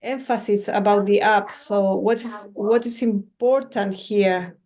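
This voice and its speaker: A woman's voice: mid-range voice, fairly even intonation, unhurried, a little mellow. Hesitant woman student answering. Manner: hesitant, thinking aloud.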